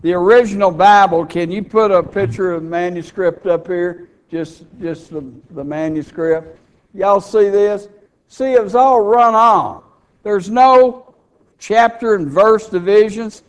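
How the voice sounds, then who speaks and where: A man's voice: sits high, measured pace, smooth. A man preaching an expository sermon, reading scripture aloud and explaining it to his congregation. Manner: teaching, reads scripture aloud, asks the crowd questions.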